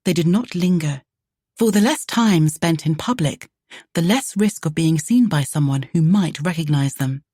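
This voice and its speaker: Soft, dark-voiced woman narrator. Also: deep voice, expressive, normal speed, breathy edge, no room sound, clean studio sound. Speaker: audiobook narrator. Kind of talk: scripted romance narration.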